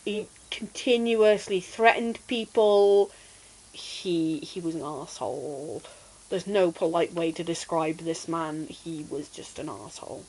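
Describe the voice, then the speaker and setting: A woman streamer chatting casually and telling an animated childhood story while gaming. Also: on the low side, a little slow, husky, poor audio.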